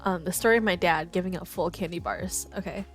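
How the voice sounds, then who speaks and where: A woman's voice: fairly low pitch, fairly quick, soft background music. A woman streaming, telling stories in a casual, chatty way, laughing often and swearing. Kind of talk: casual stream chat, storytelling.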